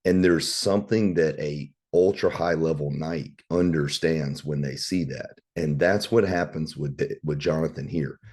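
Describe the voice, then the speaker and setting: A man's voice: extremely low pitch, unhurried, hardly any pauses, a little mellow. A man, casually teaching a Bible study and telling rambling, candid stories with some swearing. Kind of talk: casual preaching and storytelling.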